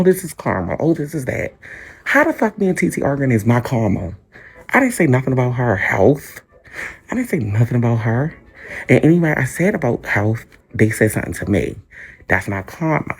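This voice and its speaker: A man's voice: mid-range voice, vocal fry, husky. A man livestreaming from a hospital room on a phone mic, talking straight to his commenters in a defensive, repetitive rant.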